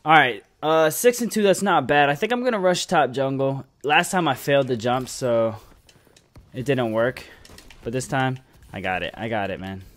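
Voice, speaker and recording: A young man giving casual, excitable commentary over a shooter game, cursing freely and tagging "man" onto his lines. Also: mid-range voice, normal speed. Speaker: gameplay commentator.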